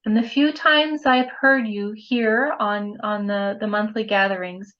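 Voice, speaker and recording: A woman speaks earnestly and encouragingly in an online circle. Her voice is mid-pitched, and the call audio sounds muffled and lo-fi. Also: steady tone, measured pace. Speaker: participant. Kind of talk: supportive share.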